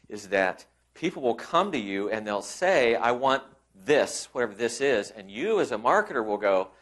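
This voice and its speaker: Low-voiced man giving a conference talk. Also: fairly bright tone. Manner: conversational, with repeated restarts; acts out quoted colleagues. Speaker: conference presenter.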